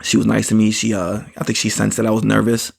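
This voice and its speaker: Male podcast host, low and gravelly, rambling casual storyteller who laughs at himself. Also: completely flat delivery, fast talker, a little mellow. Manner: rambling, repeats "you know what I mean", laughs at himself.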